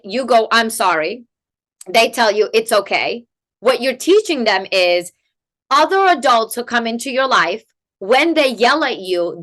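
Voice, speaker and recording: Woman expert on a podcast, bright voice pitched a bit high, lots of "like" and "right?". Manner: animated, rhetorical "right?" tags, many "like" fillers. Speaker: guest expert in family coaching. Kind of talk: conversational interview explanation.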